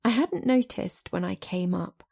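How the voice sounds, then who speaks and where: A woman narrating a first-person romance audiobook in an expressive, lively storytelling manner. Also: mid-range voice, unhurried, gravelly, slightly rough.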